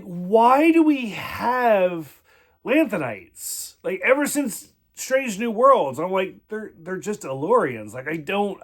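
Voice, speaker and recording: A man's voice: sits high, fairly bright tone. A man giving a casual spoken review of a TV episode, rambling, swearing freely and filling his talk with "like". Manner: rambling, profane, many "like" fillers.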